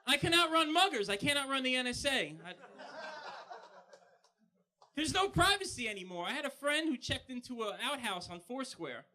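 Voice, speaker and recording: A man doing a stand-up comedy set on a live bar stage, delivering punchy jokes with quick asides into a handheld mic. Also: very high-pitched, very animated, bright, forceful tone, a little hiss or hum.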